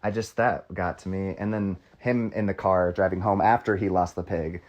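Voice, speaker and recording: A young man co-hosting a casual movie chat, emphatic and animated as he makes his points. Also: low voice, normal speed, highs cut off. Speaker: podcast co-host.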